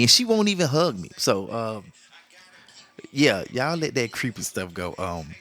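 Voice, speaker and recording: A man's voice: mid-range voice, very animated, unhurried, a bit bright, faint music behind. A middle-aged man hosts a casual monologue, joking, laughing often and acting out the lines he quotes. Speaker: podcast host.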